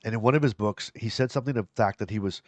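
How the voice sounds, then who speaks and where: A man's voice: fairly low pitch, rapid-fire, a little mellow, no echo. A man co-hosting a live show, chatting casually and reading viewer comments aloud. He rambles, repeats himself and laughs easily. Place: live stream.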